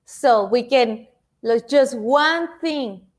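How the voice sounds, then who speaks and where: High-voiced woman with a non-native accent. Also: very slow. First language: not English. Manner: chatty, repeats words, speaks to the audience directly. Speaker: speaker giving a self-help talk. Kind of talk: interactive motivational talk.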